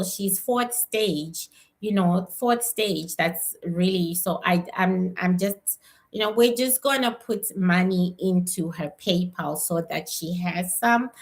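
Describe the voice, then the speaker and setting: A woman psychic medium from South Africa, giving a live spirit reading in a slow, emotional and repetitive way with a gravelly voice. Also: mid-range voice.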